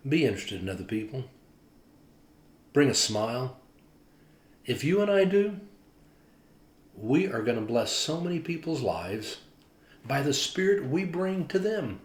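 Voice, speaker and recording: A man's voice: mid-range voice, normal speed, long pauses. Man telling a story in an echoey room. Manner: animated storyteller, acts out quoted people. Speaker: pastor. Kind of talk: devotional storytelling.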